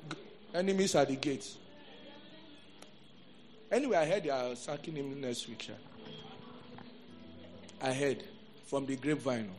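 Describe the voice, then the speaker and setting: A Nigerian man preaching a sermon as a pastor, talking in a lively, conversational way with Pidgin asides. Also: mid-range voice, a little slow, long pauses, faint music behind.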